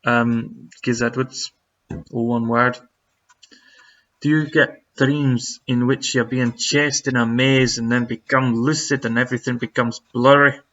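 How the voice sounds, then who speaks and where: A man at a middle pitch chats loosely on a live stream, reading viewer questions aloud and rambling through answers full of ums. His delivery is flat, a little slow, and fairly bright in tone, and the stream audio sounds a little dull and lo-fi.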